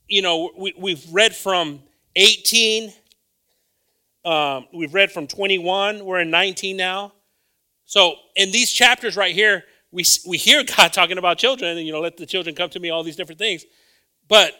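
Bright-voiced earnest male preacher. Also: high-pitched, unhurried, clear, resonant tone. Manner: earnest, emphatic preaching with repeated phrases. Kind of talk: sermon.

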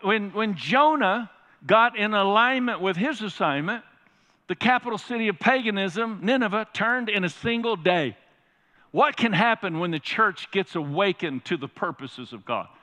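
A male pastor preaches with a high, bright voice. He speaks emphatically and keeps putting questions to his congregation. His voice trails off into the long reverb of a large sanctuary. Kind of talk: sermon. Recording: reverberant church hall.

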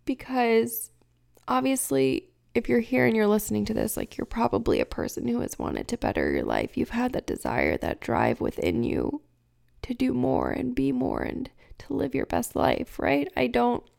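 Emotional woman with a gravelly voice. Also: a little high, sing-song, normal speed, a little mellow. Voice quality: gravelly fry. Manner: candid, emotional, searching for words. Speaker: podcast host. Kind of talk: casual personal monologue.

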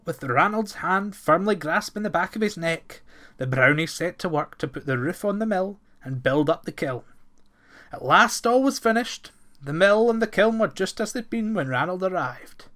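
Bright-voiced male folktale reader. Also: high voice, animated, normal speed. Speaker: narrator. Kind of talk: storybook folktale reading.

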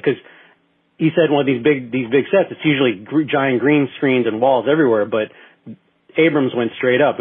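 A man's voice: medium pitch, husky. A man co-hosting a casual talk show, telling a long story with lots of restarts and fillers. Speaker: podcast co-host. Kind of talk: casual chat. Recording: tinny phone-like internet radio sound.

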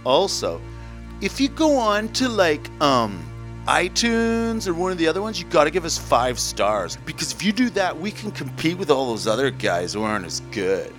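A man's voice: fairly high pitch, sing-song, moderate pace, a bit bright, soft background music. A man hosting a podcast who makes a scatterbrained, cheeky plug for the show. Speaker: podcast host.

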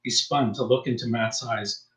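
A man narrates a suspense story in a steady, mid-pitched audiobook voice. The recording has a roomy echo around it. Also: normal speed. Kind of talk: scripted narration.

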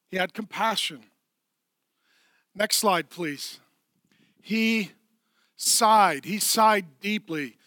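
Bright, high-voiced preaching man. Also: lively intonation, unhurried, pauses often, no echo, clean studio sound. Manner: emphatic preaching, drops to soft sighing hush. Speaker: pastor. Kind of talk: sermon.

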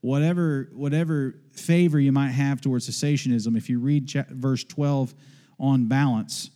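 A male pastor preaching a sermon, emphatic and full of rhetorical questions, sometimes dropping low for quick asides. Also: fairly even intonation, mellow.

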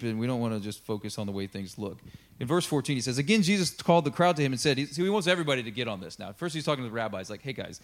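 A male pastor preaches in a loose, conversational way, voice pitched right in the middle. He keeps slipping into quick acted-out lines and asides between readings. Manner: conversational, animated, acts out quotes with laughs and asides. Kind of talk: casual sermon. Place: church sanctuary.

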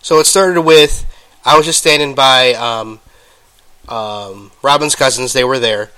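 Slow, bright-voiced man, coughing. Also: mid-range voice. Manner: halting, with many ums and restarts. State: coughing, getting over an illness. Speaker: podcast host. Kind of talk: casual solo storytelling.

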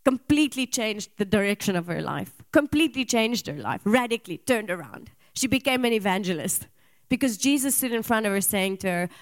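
A woman's voice: mid-range voice, lively intonation, fairly quick, no room sound. A young adult woman preaching a sermon, asking rhetorical questions and sharing personal stories with occasional laughs.

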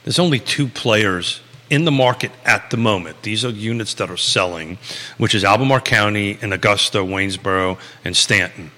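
A man in his sixties with a Long Island accent hosts a live talk show. He rambles loosely, with plenty of fillers and restarts. His voice is low-pitched but bright and forceful, and it carries a long reverb. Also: moderate pace. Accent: Long Island New York. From Long Island, New York. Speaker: real estate talk show host.

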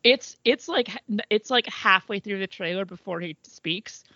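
A woman's voice: medium pitch, unhurried, sharp tone, no echo, lo-fi sound. A woman co-hosting a podcast in casual chat, swearing freely and trailing off mid-thought. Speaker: podcast co-host.

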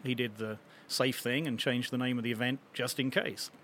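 A man's voice: medium pitch, steady tone, moderate pace, fairly bright tone, a little hiss or hum. A man chatting casually on a panel, rambling and wry as he talks. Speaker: convention panelist and vendor.

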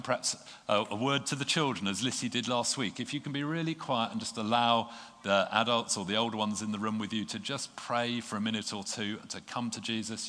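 A man preaching a sermon, earnest and gentle, pausing with small fillers. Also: on the low side. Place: church. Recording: long reverb of a church hall.

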